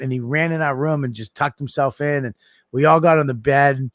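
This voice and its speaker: A middle-aged man co-hosting a podcast, telling animated, profane stories in casual chat. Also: fairly high pitch, fairly quick, dry recording, studio quality. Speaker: podcast co-host.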